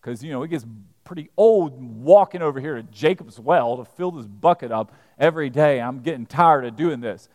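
Guy preacher putting on a sarcastic well woman, bouncy high voice, roomy church echo. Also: sing-song, normal speed, a little mellow. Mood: wry. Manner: sarcastic, wry. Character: skeptical village woman at a well. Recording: reverberant church hall.

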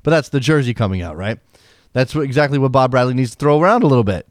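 An American man co-hosts a casual soccer talk show. He rambles and restarts his sentences while he builds an opinion. His voice sits at a middle pitch and sounds dry and close to the mic. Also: expressive, fast, dry recording. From United States. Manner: rambling, self-interrupting, opinionated. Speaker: podcast co-host.

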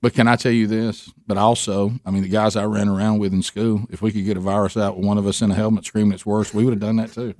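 A man co-hosting a radio show in a studio, chatting in an animated, joking and incredulous way into a studio microphone. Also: fairly low pitch, fast, few pauses, no room sound. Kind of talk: casual morning radio banter.

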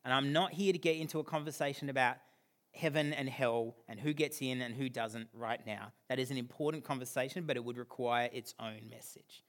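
A man, preaching a sermon as pastor, swinging from loud emphasis down to a near-whisper. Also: medium pitch, steady tone, a little fast.

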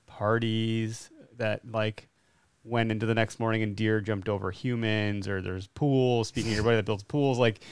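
A man's voice: on the low side, clean tone, no echo, clean studio sound. A man hosting a podcast, asking curious, joking questions with some casual swearing. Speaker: podcast host.

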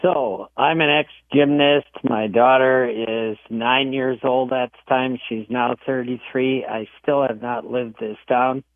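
A middle-aged man calling in to tell a funny story about his daughter in a matter-of-fact, deadpan way. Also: medium pitch, takes it slowly, hardly any pauses, dry recording. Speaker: caller. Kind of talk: telling a funny family story. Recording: tinny phone line.

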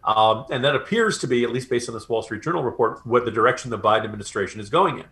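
A man's voice: mid-range voice, quick pace, pushed and bright. A man co-hosting a political podcast, talking in a loose, rambling way and slipping into mocking voices when he paraphrases others. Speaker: podcast co-host. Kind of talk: casual political commentary.

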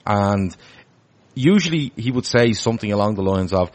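A man's voice: fairly low pitch, lively intonation, normal speed. A man hosting a casual football podcast, chatty and full of restarts as he reads out viewer comments. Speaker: podcast host.

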